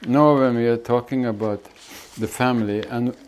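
Gentle, teasing spiritual teacher, a man. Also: mid-range voice, moderate pace, rough recording. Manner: calm and gentle, turning to teasing and laughing. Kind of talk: addressing an audience at a gathering.

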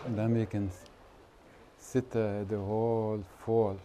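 Slow, mellow Indian-accented man. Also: fairly low pitch, flat delivery, slight background noise. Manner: chatty, teasing, laughs often, nonnative grammar. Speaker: spiritual teacher. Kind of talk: informal spiritual talk to a gathering.

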